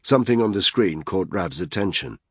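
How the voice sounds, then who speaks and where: A man narrating a thriller audiobook in a steady, grave scripted style. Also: deep voice, fairly quick, husky, no room sound, clean studio sound.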